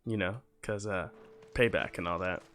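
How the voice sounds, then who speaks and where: A man's voice: deep voice, fairly even intonation, normal speed, a bit bright, soft background music. A man giving offhand, rambling commentary while playing a video game. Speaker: gamer. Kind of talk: casual gameplay commentary.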